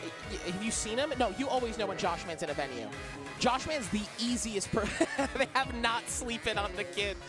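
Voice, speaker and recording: High-voiced playful male commentator. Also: moderate pace, over music. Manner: playful, self-deprecating, animated storytelling. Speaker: esports commentator. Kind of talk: casual live-stream commentary chat.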